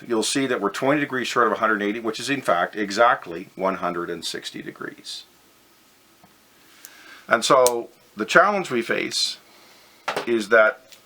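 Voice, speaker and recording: Bright-voiced man teaching physics. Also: medium pitch. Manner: methodical, step-by-step, stresses key words. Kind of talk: recorded lesson explaining over slides.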